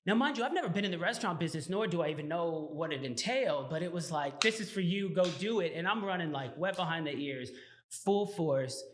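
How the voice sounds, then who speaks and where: Animated Texan man telling a story. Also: a little high, brisk. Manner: animated, laughing, acts out dialogue. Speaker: guest, restaurant owner. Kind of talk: casual storytelling.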